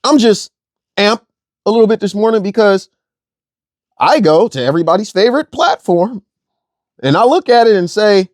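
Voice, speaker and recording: A man's voice: high-pitched, expressive, moderate pace, long pauses, no echo, studio quality. A young man delivering a blunt, profane rant as an online commentator, repeating phrases for emphasis. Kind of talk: ranting monologue.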